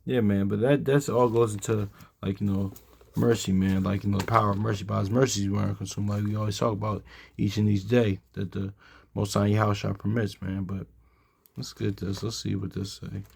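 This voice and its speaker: A man's voice: fairly low pitch, level tone, a little fast, gravelly, darkish tone, slight background noise. A tired man giving a casual Bible study talk, rambling with lots of fillers and reading verses aloud. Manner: rambling, heavy fillers, reads scripture aloud. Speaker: Bible teacher.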